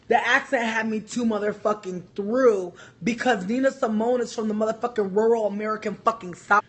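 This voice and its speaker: High-voiced husky man ranting. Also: steady tone, brisk, few pauses, fairly bright tone. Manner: profane, rambling, heavy use of "like". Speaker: vlogger. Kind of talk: casual livestream rant. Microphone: phone livestream.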